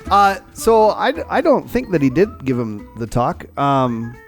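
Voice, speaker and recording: A man's voice: on the high side, sing-song, a little slow, music in the background. Rambling man co-hosting a podcast. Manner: rambling, many fillers and restarts. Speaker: podcast co-host. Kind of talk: casual chat.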